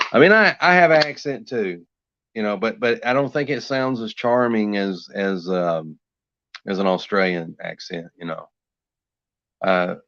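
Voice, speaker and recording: A man's voice: fairly low pitch, fairly bright tone, dry recording. A man chatting casually and rambling easygoing while he draws live for his stream. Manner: rambling, easygoing, talks to himself while working. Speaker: artist streaming a drawing session. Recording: dull, dry lo-fi sound.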